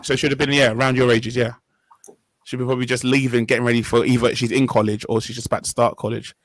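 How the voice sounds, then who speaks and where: A man's voice: mid-range voice, flat delivery, fast talker, no room sound, low-quality recording. A young man hosting a casual discussion, talking in an earnest, rambling way and often correcting himself mid-sentence. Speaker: podcast host.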